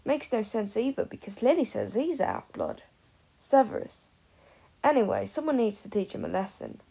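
A woman voicing a blunt, sharp-tongued teenage schoolgirl in an audiobook, with a husky voice. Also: fairly high pitch, huge pitch swings, normal speed, heavily acted. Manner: blunt, snappy.

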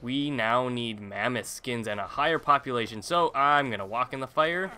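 Bright-voiced joking gameplay commentator man. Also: medium pitch, normal speed, clear, resonant tone. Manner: jokey, rambling, self-mocking asides. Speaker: gaming YouTuber. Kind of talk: casual let's-play commentary.

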